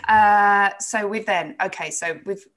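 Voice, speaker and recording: A woman's voice: medium pitch, a little slow, fairly bright tone. A woman who teaches yoga, co-hosting a casual chat, swearing freely and laughing often. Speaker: podcast co-host, yoga teacher.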